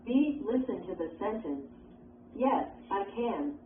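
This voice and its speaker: A woman reading an English textbook lesson aloud in a measured, instructional way. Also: medium pitch, expressive. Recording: tinny phone-like sound, distant, roomy, faint hiss.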